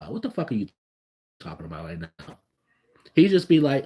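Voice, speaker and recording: A man's voice: mid-range voice, sing-song, brisk, long pauses. Fired-up man ranting casually. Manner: profane, swings between loud outbursts and muttering. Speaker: sports fan vlogger. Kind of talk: casual reaction rant.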